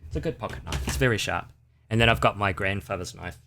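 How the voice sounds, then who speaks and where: A man's voice: lowish voice, quick pace, noisy background. A man hosting a casual livestream, rambling and chatting with his viewers. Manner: rambling, chatty, talks to chat. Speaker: livestream host.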